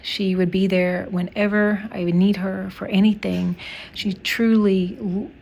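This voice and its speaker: A woman's voice: medium pitch, level tone, a little slow, creaky, highs cut off. A woman giving a heartfelt memorial tribute to a friend and colleague, speaking admiringly.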